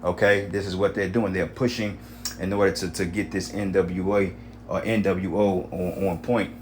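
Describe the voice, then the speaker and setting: Male commentator, lower voice, heated profane talk, faint noise behind. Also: little pitch movement, moderate pace. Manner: profane and heated, slangy, many fillers. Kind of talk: casual monologue commentary.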